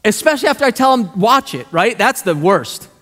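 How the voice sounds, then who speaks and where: A male pastor preaching a sermon, animated and conversational, full of rhetorical questions. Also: sits high, brisk. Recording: long hall reverb.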